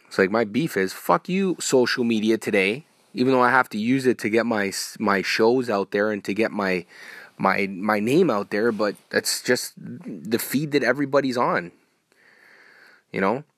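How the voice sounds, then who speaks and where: A man hosting a solo podcast, ranting in a profane, rambling way with sudden loud outbursts. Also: on the low side, moderate pace, no room sound, clean studio sound. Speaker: podcast host.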